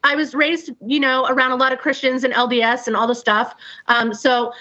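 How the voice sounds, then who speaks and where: An animated middle-aged woman recounting a story in casual, profane talk, acting out bangs and voices as she goes. Her voice sits a bit high for a woman. The recording is dull and lo-fi. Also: brisk. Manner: animated, acts out sounds and quotes, swears freely. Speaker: guest telling a personal story. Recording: dull lo-fi sound.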